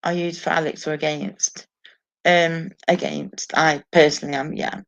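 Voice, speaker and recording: A woman with a low-pitched, level voice talks at a moderate pace while hosting a casual home live stream on her own. She reads viewer comments, laughs, and swears often; the recording has a dull lo-fi quality.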